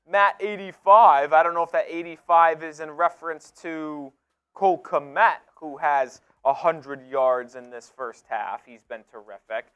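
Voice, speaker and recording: A young man co-hosting a live sports stream, reading viewer super chats in an energetic, casual way with loud excited bursts. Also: fairly high pitch, a little slow, clean tone, dull audio.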